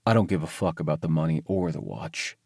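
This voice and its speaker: A man voicing a calm, blunt male mafia enforcer in an audiobook, low and matter-of-fact. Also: a little fast, vocal fry, husky, dry recording, clean studio sound, exaggerated voice.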